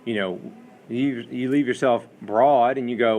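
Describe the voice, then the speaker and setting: A man's voice: mid-range voice, steady tone, measured pace, darkish tone. A man teaching a Bible study class in a classroom, lecturing in a conversational way and asking the students questions, with many fillers.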